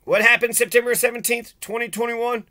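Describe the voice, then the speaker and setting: A man's voice: very high voice, fairly even intonation, a little fast, sharp tone. A man giving an agitated, profane, sarcastic rant in video commentary. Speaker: vlogger.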